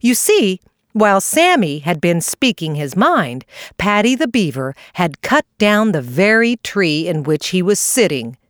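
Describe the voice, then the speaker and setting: A woman reading a children's animal story aloud in an expressive way. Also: on the low side, unhurried, dry recording, studio quality. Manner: lively, expressive. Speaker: narrator.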